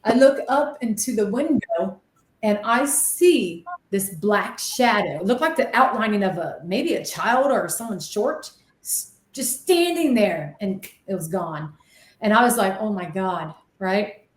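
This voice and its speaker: A woman's voice: mid-range voice, measured pace. A woman who works as a medium and ghost hunter, telling her stories animatedly as a guest in an interview, acting out the voices she remembers. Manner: animated, excitable storytelling with dramatic re-enactments. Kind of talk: storytelling in an interview. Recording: echoey room.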